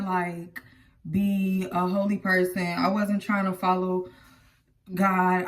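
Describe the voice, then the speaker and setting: Woman, casual storytelling vlog, chatty, talks to viewers, mid pitch, slightly distant mic. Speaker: vlogger telling her life story.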